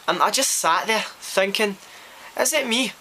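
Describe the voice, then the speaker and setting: A man's voice: sits high, animated, unhurried, pushed and bright, a little hiss or hum, exaggerated voice. A man voicing a rowdy Scottish man with a Scottish accent who tells a wild story with swearing and disbelief. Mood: incredulous.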